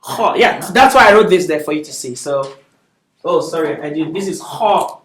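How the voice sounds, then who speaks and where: A man's voice: a little high, lively intonation, moderate pace, a bit bright. A male language teacher giving a patient classroom lecture, checking often that the students follow. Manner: patient, often asks "is that okay?". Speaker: Arabic teacher. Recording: echoey classroom, voice from far off.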